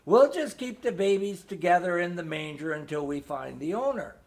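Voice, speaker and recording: A man reading the part of a fussy, earnest middle-aged mother with a gentle, coaxing manner. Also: sits high, animated, normal speed, creaky.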